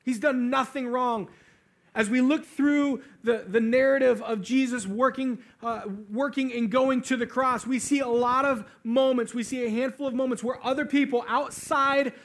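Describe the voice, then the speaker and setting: A man's voice: very high-pitched, fairly even intonation, moderate pace, hardly any pauses. A man preaching a sermon, reading scripture and retelling it earnestly, building to fervent emphasis. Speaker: pastor.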